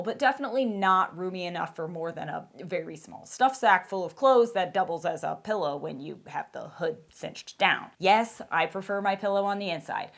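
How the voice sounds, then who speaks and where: A woman's voice: on the low side, creaky. A woman narrating a scripted outdoor gear review in a candid, wry, emphatic way.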